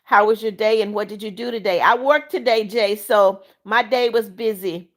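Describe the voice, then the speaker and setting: A middle-aged woman hosting a livestream, reading viewers' comments aloud, greeting them warmly and turning firm when she lays down her rules. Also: medium pitch, moderate pace. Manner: warm, religious greetings to viewers. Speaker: livestream host. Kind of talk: reading out live chat comments.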